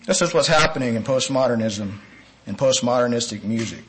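A man preaching a sermon-style lecture, earnest and emphatic, with sudden rises in pitch and volume and some slowed, stressed phrases. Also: lively intonation, low-quality recording.

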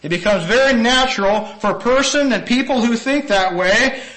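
A man preaching a sermon-style lecture, earnest and emphatic, with sudden rises in pitch and volume and some slowed, stressed phrases. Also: a bit bright, rough recording.

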